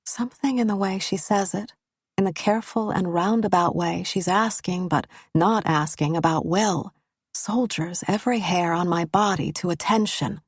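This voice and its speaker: A woman's voice: on the low side, moderate pace, no room sound. A woman reading a first-person thriller audiobook with intimate, tense storytelling on a studio mic. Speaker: audiobook narrator.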